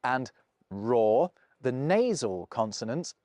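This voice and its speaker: A man's voice: mid-range voice, sing-song, slow, a little mellow, dry recording. A man with a British received pronunciation accent giving a scripted, precise explainer narration. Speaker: language video presenter.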